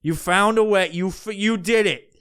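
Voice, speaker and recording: In a profane podcast rant, a male host mocks and swears his way through a crude monologue. He speaks at a normal pace in a high, smooth voice with a slightly bright edge.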